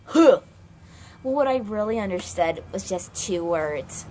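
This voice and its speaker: A woman's voice: mid-range voice, lively intonation, measured pace, warm tone. A woman playing a grumpy young female Spanish student who whines and rambles about her teacher. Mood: annoyed. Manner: whiny, complaining, rambling.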